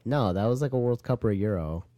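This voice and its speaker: A man with a mellow, warm tone and a lively, swinging pitch co-hosts a casual sports podcast, full of jokey banter. The sound is dry and close, with no room echo. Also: fast. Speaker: podcast co-host. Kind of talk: casual chat.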